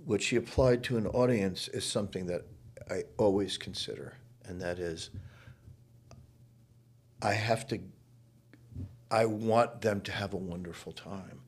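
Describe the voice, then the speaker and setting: Husky low-voiced man telling stories. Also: measured pace, long pauses. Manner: emphatic, shifts from hushed to loud. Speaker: interview guest. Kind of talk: reflective storytelling. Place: his home.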